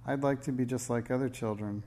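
A man's voice: mid-range voice, steady tone, fairly quick, warm tone, slight background noise, lightly acted. A man voicing a lonely young witch girl. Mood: shy. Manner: shy, unhappy, sometimes proud.

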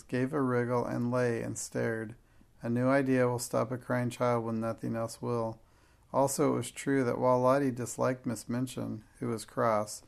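A man narrating a storybook in a measured, even manner. His voice sits at a middling pitch with a gravelly, creaky texture. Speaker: audiobook narrator.

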